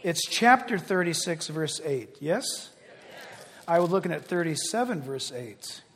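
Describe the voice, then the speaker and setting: A man preaching a sermon as pastor, animated and conversational, often acting out quotes. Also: a little high, unhurried, big-room sound.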